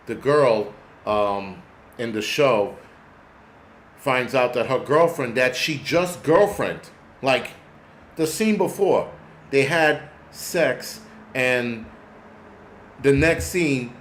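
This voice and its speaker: Casting note: male host, casual profane rant, rambling and searching for words, mid-pitched, roomy echo with a faint background hum. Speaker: prepper channel host. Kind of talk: casual ranting monologue. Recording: echoey room with faint ambience.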